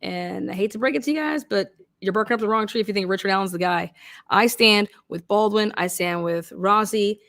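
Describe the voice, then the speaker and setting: A woman hosting a true crime livestream, ranting casually and loudly with a lot of swearing. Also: medium pitch, fairly quick. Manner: rowdy, swearing, animated. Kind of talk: casual profane livestream rant.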